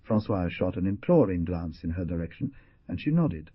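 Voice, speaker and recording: A man narrating an audiobook in a dramatic style, with a husky voice and lively delivery of the characters' lines. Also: low-pitched, moderate pace, dry recording. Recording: dull, muffled studio recording.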